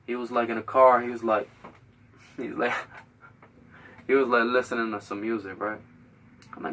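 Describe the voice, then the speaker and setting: Bright-voiced man ranting profanely. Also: medium pitch, normal speed, creaky, pauses often, recorded from a distance. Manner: heated, profane, animated storytelling with acted quotes. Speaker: podcast host. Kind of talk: profane storytelling rant.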